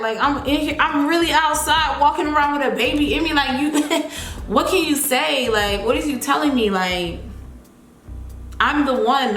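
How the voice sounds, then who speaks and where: A young woman chatting casually while doing her makeup, retelling a story and acting out the people in it with lively repeated phrases. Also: echoey room. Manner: animated, acts out quotes with big pitch jumps, repeats phrases. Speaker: beauty vlogger. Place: home, near a running refrigerator.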